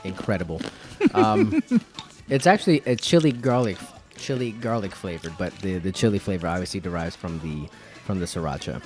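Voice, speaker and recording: A man with a fairly low voice co-hosts a casual snack-tasting podcast. He ribs his friends with a wry edge, his sentences halting and padded with fillers. Faint music sits underneath. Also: expressive. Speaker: podcast co-host.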